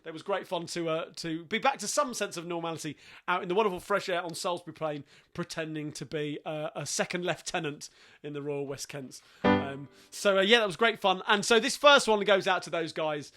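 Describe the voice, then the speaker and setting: A man hosting a live-streamed sing-along, chatting cheerfully and quickly between songs. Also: a little high. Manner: chatty, cheerful, rapid asides. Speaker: sing-along host and pianist. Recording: live stream over loud piano. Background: piano music.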